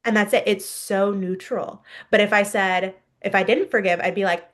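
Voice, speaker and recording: A woman's voice: medium pitch, fairly even intonation, normal speed, few pauses, fairly bright tone. A woman in her thirties, a podcast guest, telling a personal story candidly and laughing now and then.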